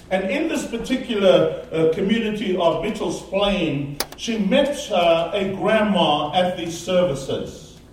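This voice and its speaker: A man preaching a sermon, telling a story with animated, emphatic delivery. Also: sits high, slight background noise. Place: church sanctuary. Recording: very echoey, distant mic in a large room.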